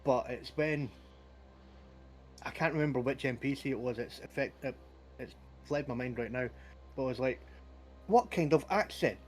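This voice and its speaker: A man's voice: medium pitch, steady tone, normal speed, long pauses, faint music behind. A man hosting a casual chat over a video call, telling stories in an easygoing, anecdotal way. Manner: chatty, anecdotal storytelling with laughs. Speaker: podcast host and game master.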